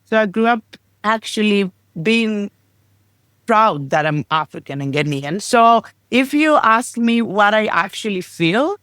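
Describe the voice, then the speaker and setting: A woman's voice: mid-range voice, lively intonation, a little slow, a bit bright, smooth, no room sound, clean studio sound. A woman in her thirties from Greece, speaking as a podcast interview guest, chatty and sprinkling in "like". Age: 30s. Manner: chatty, with frequent "like" fillers. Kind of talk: casual interview chat.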